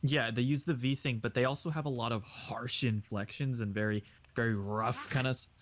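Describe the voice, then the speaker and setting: A man's voice: mid-range voice, fairly quick. A young man on a casual podcast call, telling stories and pushing the group to the next question. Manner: animated storyteller, pushes the talk along.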